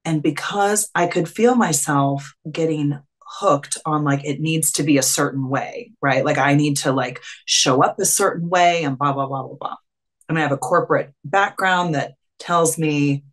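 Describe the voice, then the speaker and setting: This woman has a deep voice and speaks at normal speed. She's a clarity and confidence coach chatting as a webinar guest, filler-heavy, and she performs the quotes she relays.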